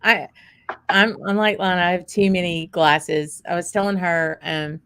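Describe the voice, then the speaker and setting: A woman's voice: on the low side, fairly even intonation, measured pace, a bit bright, clean tone. A woman hosting a casual livestream chat, talking in a rambling way with many fillers. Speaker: host.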